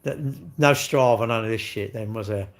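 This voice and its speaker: A man's voice: on the low side, normal speed. A man, chatting casually on a live stream and telling rambling, sweary stories while answering viewers. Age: 60s.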